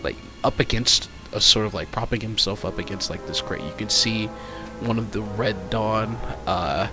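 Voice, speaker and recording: Hesitant low-voiced man running a game. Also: normal speed, music in the background. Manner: hesitant, lots of fillers. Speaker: game master. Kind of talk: narrating a tabletop game.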